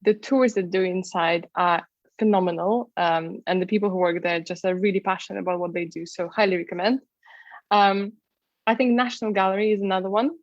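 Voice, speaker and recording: A woman's voice: medium pitch, steady tone, a little fast, no echo. Woman travel guide, non-native English speaker, chatty and casual, dull close sound. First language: not English. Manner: chatty, many fillers and restarts, laughs easily. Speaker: travel content creator and tour guide. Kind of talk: casual interview talk.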